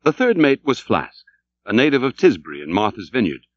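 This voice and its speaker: A man reading a classic novel aloud as audiobook narrator, dramatic and expressive, in a dull, dry recording. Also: lowish voice, brisk, no echo. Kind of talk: scripted literary narration.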